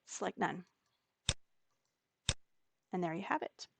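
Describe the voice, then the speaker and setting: A woman teaching a digital scrapbooking layout step by step, talking slowly and patiently with occasional fillers. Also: lowish voice, expressive, vocal fry, noisy background. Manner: slow, step-by-step explaining with fillers. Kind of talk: screen-recorded software tutorial.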